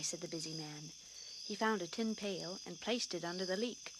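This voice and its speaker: A woman reading a bedtime story aloud in a soothing, soft-spoken way, whispering the sound effects. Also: on the low side, moderate pace, background noise. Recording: crickets chirping in the background.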